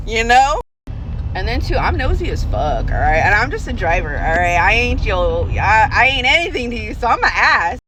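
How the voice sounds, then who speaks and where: A woman's voice: mid-range voice, lively intonation, moderate pace, a bit bright, a little hiss or hum. A woman in her thirties telling rideshare stories in a chatty, profane way, often laughing, recorded in her car. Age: 30s. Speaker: rideshare driver and realtor. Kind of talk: casual storytelling vlog. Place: inside a car.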